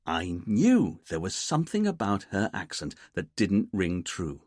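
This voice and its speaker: A fussy, formal detective inspector, as an audiobook narrator puts him on, low and a little husky. He speaks precisely and is quick to take offence. Dry, close sound. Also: huge pitch swings, a little mellow, no echo, heavily acted. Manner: formal, precise, easily irked.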